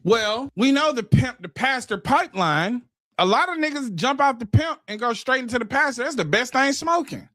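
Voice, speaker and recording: A man in a played clip giving pointed commentary with an emphatic, measured delivery. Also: very high voice, lively intonation, pushed and bright, dry recording, studio quality.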